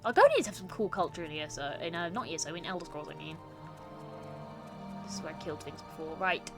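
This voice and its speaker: A woman's voice: deep voice, sing-song, fast talker. A young woman chatting with her stream chat while playing a game, reading messages aloud and laughing often. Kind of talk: casual gaming stream chat. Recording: streamed with loud game music.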